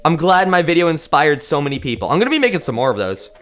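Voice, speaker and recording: A young man giving lively live gameplay commentary, chatting with his viewers and yelping at big plays. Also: on the high side, fast talker. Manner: excitable, yelps and pops off at kills; chatty, talks to chat between plays. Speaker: streamer. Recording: faint music behind.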